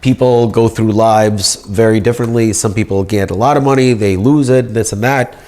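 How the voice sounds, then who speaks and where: A man talks in a rambling, grandiose way, as if addressing a judge. His voice sits somewhat low. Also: steady tone, normal speed, darkish tone. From United States. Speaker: speaker pleading his case. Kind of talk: rambling monologue.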